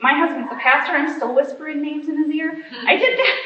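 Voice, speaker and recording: A woman's voice: high voice, brisk, a crowd in the background. A middle-aged woman, a pastor's wife, talking casually and self-deprecatingly to a church group, laughing often. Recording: roomy, distant, dull sound.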